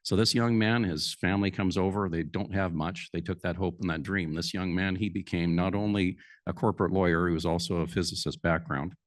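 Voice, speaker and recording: A man's voice: deep voice, a little fast, hardly any pauses, dry recording, clean studio sound. A man from Alberta, telling folksy stories from a conference stage. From Alberta, Canada. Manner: folksy, lively storyteller. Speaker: conference speaker. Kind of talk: folksy storytelling to a live audience.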